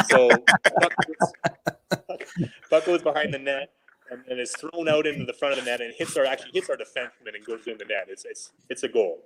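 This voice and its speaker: A former hockey player in his forties telling animated, casual stories on a podcast and acting out what his coaches said. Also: mid-range voice, fairly quick, poor audio. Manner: animated anecdotes, laughing, quoting coaches. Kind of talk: casual storytelling.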